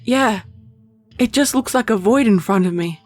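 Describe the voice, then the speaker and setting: Woman doing a frightened young wife on a dark road. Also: fairly high pitch, lightly acted. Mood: scared. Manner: anxious, shaky, rushed.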